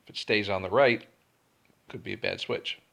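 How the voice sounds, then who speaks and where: A man's voice: fairly low pitch, normal speed, creaky, fairly bright tone. A man telling a story in a casual, blunt and profane way, with laughs between lines. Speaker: storyteller vlogger.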